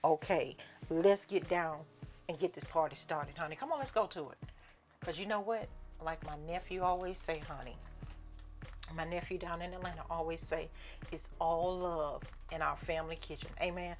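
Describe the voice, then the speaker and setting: A woman's voice: fairly low pitch, moderate pace, faint music behind. A woman hosting a home cooking video in a folksy, playful way, calling her viewers honey and child and dropping preachy amens. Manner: lively, playful hype. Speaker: cooking channel host. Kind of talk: casual cooking video chat.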